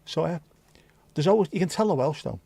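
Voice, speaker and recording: A man's voice: a little high, animated, brisk, gravelly, mellow, slightly rough, dry recording. A middle-aged man from Liverpool with a Scouse accent, hosting a livestream in rambling, casual chat that swears freely. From Liverpool, England. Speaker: livestream host.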